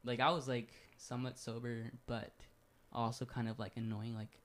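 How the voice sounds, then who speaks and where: A man's voice: mid-range voice, flat delivery, normal speed. A young man casually telling a long story on a podcast, full of swearing and "like". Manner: loose, profane storytelling with lots of "like". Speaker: podcast co-host.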